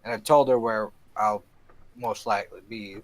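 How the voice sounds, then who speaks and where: A man's voice: lowish voice, steady tone, normal speed, rough recording. A man playing a tabletop game in character, rambling and hesitant with many fillers. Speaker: player. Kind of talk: in-character tabletop role-play.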